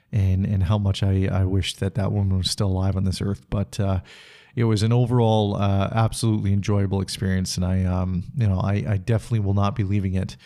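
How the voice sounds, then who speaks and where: This Canadian man's voice is warm and fairly low as he hosts his solo, reflective podcast. He drifts through stories with plenty of filler words, laughing while he tells them.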